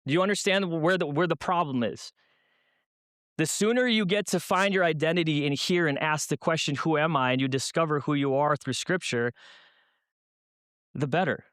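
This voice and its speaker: A man from Minnesota, USA, speaks as a guest at a church youth night, telling funny stories and tossing rhetorical questions to the room. His voice is a little high and a bit bright, with a clean tone at a moderate pace. The recording is studio quality with no room sound.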